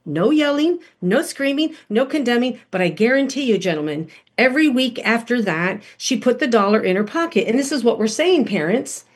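Middle-aged woman, husky voice, animated storyteller acting out quotes, podcast guest. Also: fairly high pitch, moderate pace, hardly any pauses. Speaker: podcast guest speaker on parenting. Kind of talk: storytelling talk.

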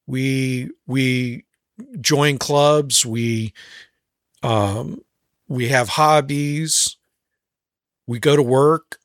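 A man co-hosting a Christian podcast, sharing a reflection in a measured way with pauses and fillers. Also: mid-range voice, fairly bright tone, no echo, studio quality. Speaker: podcast co-host.

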